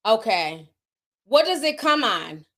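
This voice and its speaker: Brief: woman, Southern US accent, livestream gossip host, fairly high voice, candid and chatty. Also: sing-song, slow pace, bright, forceful tone. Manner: chatty, candid, laughs often, reacts to viewer comments. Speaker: livestream host reading chat. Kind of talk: casual celebrity gossip chat.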